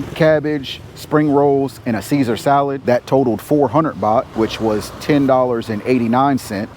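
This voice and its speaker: Walking the city streets past a market and into a laundromat, a male vlogger chats to camera in a relaxed, jokey way. His voice has a medium pitch and a darkish tone, and there's a little hiss or hum behind it.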